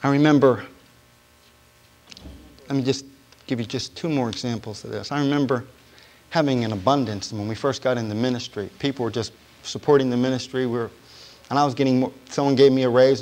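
A man giving a sermon testimony to a congregation, telling his story in a storytelling way that drops to a hush and then rises to emphasis. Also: medium pitch, fairly even intonation, fast. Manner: storytelling, swinging from hushed to emphatic.

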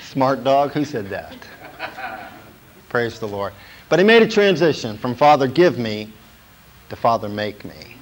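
A man's voice: mid-range voice, big pitch swings, a little slow, long pauses, poor audio. A man preaching a sermon as pastor, emphatic and repetitive, often checking in with the congregation.

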